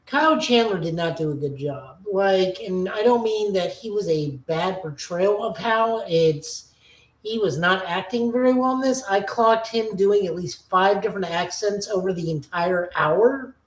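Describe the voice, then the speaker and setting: A woman's voice: medium pitch, unhurried. A woman co-hosting a casual podcast chat, giving an opinionated, nitpicky review. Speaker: podcast co-host. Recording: roomy echoing recording.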